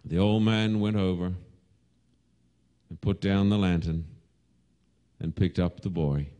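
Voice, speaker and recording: A low-voiced man preaches, telling a story slowly and dramatically. When he voices the calls, he rises to loud cries.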